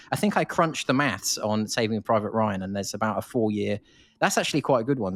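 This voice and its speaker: An English man hosting a podcast in casual discussion. His voice sits fairly low but jumps up in pitch when he asks questions. He talks in an animated way, with frequent fillers. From England. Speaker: podcast host.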